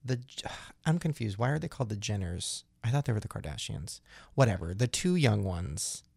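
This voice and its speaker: A man's voice: lowish voice, sing-song, moderate pace, creaky, darkish tone, husky, no room sound, studio quality. A man co-hosting a casual chat show, telling crude, gossipy stories and acting out the people in them. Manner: gossipy, crude, acts out voices in anecdotes. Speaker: podcast co-host.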